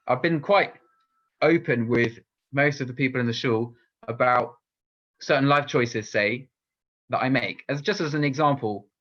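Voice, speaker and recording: A man speaking as a rabbi in a loose, conversational sermon. He is open and reflective, at a middling pitch. The recording sounds dull and a little lo-fi. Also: fairly bright tone. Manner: candid, personal and reflective.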